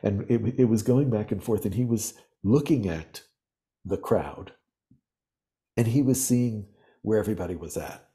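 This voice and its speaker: A man talking as a podcast guest, explaining ideas in earnest, animated storytelling. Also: on the low side, normal speed. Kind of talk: reflective interview talk.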